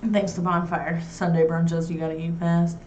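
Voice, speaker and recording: A woman's voice: lowish voice, little pitch movement, moderate pace, darkish tone, slight background noise. A young woman hosting a casual talk show, chatting frankly with crude, self-mocking humor. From New York. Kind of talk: casual chat. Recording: roomy echo, heard from far off.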